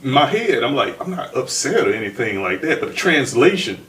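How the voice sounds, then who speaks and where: A man hosting a casual interview, speaking softly and reflectively. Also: medium pitch, very animated, brisk. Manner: soft-spoken, reflective. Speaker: host. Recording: voice distant from the mic.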